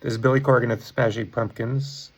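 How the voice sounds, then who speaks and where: A man's voice: medium pitch, steady tone, brisk, low-quality recording. A man in his fifties from the Chicago area, telling a casual anecdote in a rambling, self-correcting way with chuckles. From Chicago area, USA. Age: 50s. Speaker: rock musician. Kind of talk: casual anecdote told to camera.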